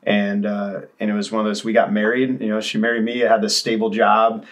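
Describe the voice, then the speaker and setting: A man's voice: fairly low pitch, monotone, brisk. A man in his thirties, a musician guest, telling his story candidly in a casual interview, rambling with restarts.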